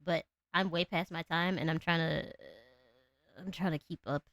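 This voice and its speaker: A woman with a low alto voice chatting casually with her live-stream viewers, giggling often. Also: fairly even intonation, normal speed, a bit bright. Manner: chatty, giggly, talks to chat and her cat.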